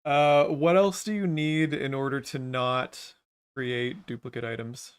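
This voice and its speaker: Smooth-voiced man coding on a livestream. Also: medium pitch, measured pace. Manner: thinking aloud while coding, relaxed and joking. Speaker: livestream host and programmer. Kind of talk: casual coding livestream chat.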